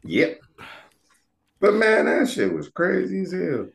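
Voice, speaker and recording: Animated man in an echoey room. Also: sits high, slow pace, gravelly. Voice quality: animated, profane, laughing often, trails off quietly. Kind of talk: casual chat.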